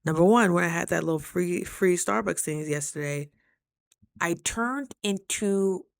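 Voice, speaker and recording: A woman vlogger telling stories to camera in a casual, animated, slangy way, acting out the voices of the people in them. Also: lowish voice, a little slow, creaky, dry recording, clean studio sound.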